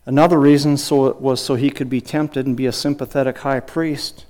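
A middle-aged man preaches in a mid-range, slightly mellow voice with fairly even intonation at a normal speed. As a pastor teaching earnestly, he quotes scripture, asks rhetorical questions, restarts frequently and chuckles in brief asides.

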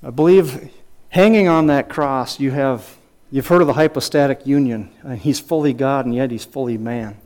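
Speaking at a moderate pace in a medium-pitched, slightly mellow voice, a middle-aged man delivers a sermon. He teaches earnestly through rhetorical questions and scripture quotations, restarting often and chuckling softly in asides.

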